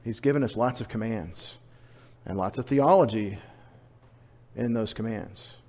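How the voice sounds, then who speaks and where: A man's voice: lowish voice, a little slow, long pauses, a little mellow. A man preaching a sermon as pastor, conversational and emphatic, often asking the congregation questions.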